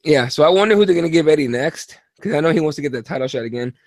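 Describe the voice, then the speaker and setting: A tired man co-hosting a casual sports podcast, talking in a profane, animated and rambling way. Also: a little high, very fast, dry recording, clean studio sound. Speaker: podcast co-host.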